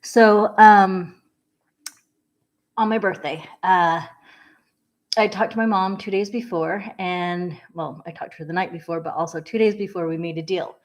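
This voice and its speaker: A woman speaks to her viewers in a loose, candid vlog, her voice sitting a little on the low side. She rambles through her thoughts with plenty of fillers and small laughs. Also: fairly even intonation, unhurried. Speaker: vlogger. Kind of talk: candid casual vlog talk.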